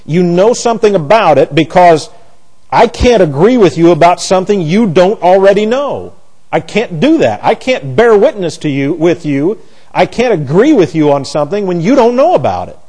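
Animated, mellow-voiced man teaching a class. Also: high voice, normal speed, husky, poor audio. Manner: rhetorical questions, repeats and restarts phrases; chatty, folksy asides. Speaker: Bible study teacher.

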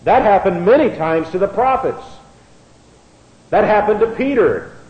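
Male bible teacher, fairly high voice, spells words out and repeats himself; echoey, dull lo-fi classroom recording. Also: lively intonation, a little slow.

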